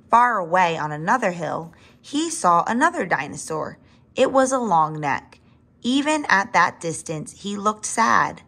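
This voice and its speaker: A woman reading a children's picture book aloud, expressive, with asides to young listeners. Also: fairly low pitch. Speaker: reader. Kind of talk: children's story read-aloud.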